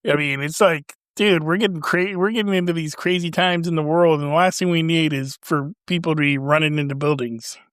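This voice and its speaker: A man's voice: a little high, fairly even intonation, brisk, few pauses, fairly bright tone, smooth, no room sound, studio quality. A man in his forties co-hosting a casual chat, rambling, trailing off mid-sentence and laughing often. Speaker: podcast co-host.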